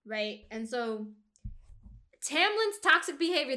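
Bright, animated woman in casual chat. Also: on the high side, moderate pace. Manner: animated, swearing, acts out characters' lines in quotes. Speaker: podcast co-host discussing a book.

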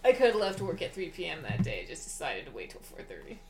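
A woman's voice: low-pitched, wildly swooping pitch, fast talker, gravelly, music in the background. A woman telling amused, gossipy stories in a casual chat.

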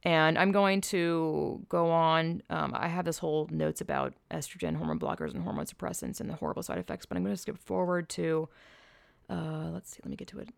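A woman's voice: low voice, lively intonation, brisk, vocal fry, dry recording. A woman giving casual spoken commentary, blunt and exasperated, sighing and stopping to restart as she reads aloud.

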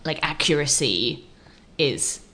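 A woman in a casual film discussion, opinionated and quick to laugh. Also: low-pitched, lively intonation, pushed and bright.

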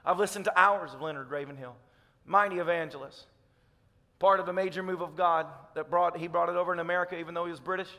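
High bright southern tennessee pastor guy preaching hard, echo from the church hall. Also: fairly even intonation, fast talker. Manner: fervent, emphatic preaching. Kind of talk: sermon. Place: church sanctuary.

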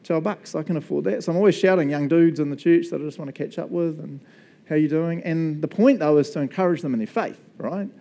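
Mellow-voiced New Zealand preacher, chatty. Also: male voice, a little high, quick pace, gravelly, few pauses. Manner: chatty, jokey, animated storyteller. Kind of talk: casual sermon with storytelling.

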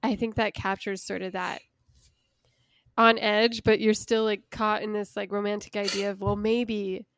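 A woman's voice: medium pitch, flat delivery, measured pace, a bit bright, no room sound. A woman talking casually about a song, chatty and full of restarts.

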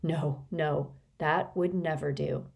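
A woman's voice: low voice, steady tone, takes it slowly, gravelly, a little mellow, breathy edge, full character voice. A woman reading an audiobook, voicing a loving father who speaks tenderly yet firmly.

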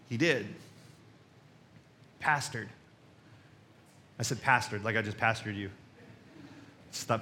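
A man's voice: high voice, pushed and bright, slight background noise. A man preaching a sermon as pastor, conversational and emphatic, with joking asides, rhetorical questions and repeated key phrases.

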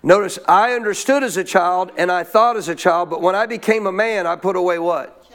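A man's voice: sits high, fairly quick, fairly bright tone. A man preaching a sermon as pastor, reading verses and prompting his congregation to answer his questions aloud. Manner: call-and-response preaching, asks congregation questions. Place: church.

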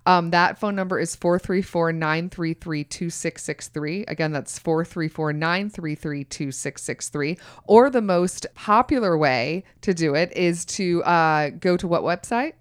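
A woman's voice: fairly low pitch, measured pace, few pauses, smooth. A woman co-hosting a casual podcast, chatty and giggly, with plenty of fillers. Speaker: podcast co-host.

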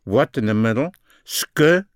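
A man teaching a recorded language lesson, slowly repeating each phrase and its translation. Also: medium pitch, expressive, no echo, clean studio sound. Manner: slow, deliberate, repeats phrases in two languages.

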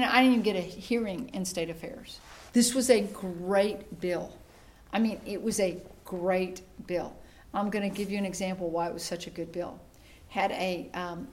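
A middle-aged woman, a state senator giving an animated political speech to a meeting, acting out the voices of the people she quotes and building up her emphasis. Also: medium pitch, a little hiss or hum. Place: meeting room with an audience.

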